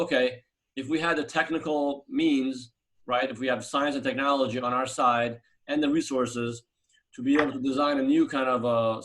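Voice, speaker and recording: A man hosts a casual online video chat. He talks loosely and rambles, with many fillers. His voice sits at an ordinary middle pitch. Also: fairly bright tone. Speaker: host.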